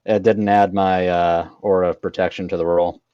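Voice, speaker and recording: A man's voice: sits low, flat delivery, moderate pace, clean tone, no echo, highs cut off. A man playing a tabletop game, thinking aloud as he explains his moves. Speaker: player.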